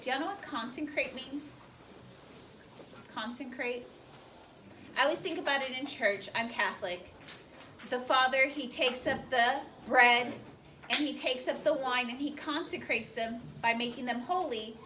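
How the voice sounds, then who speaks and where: This history teacher speaks in a high, pushed, bright voice without hurrying as she reads a speech and fires off questions to the class. The recording comes from far across the classroom and has slight noise.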